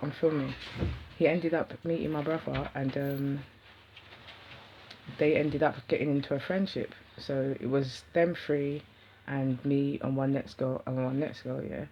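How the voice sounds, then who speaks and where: A young woman with a London accent telling a rambling personal story to camera in slangy, animated talk. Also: rumbling low, a little slow, a little hiss or hum. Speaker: vlogger. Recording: dull lo-fi sound.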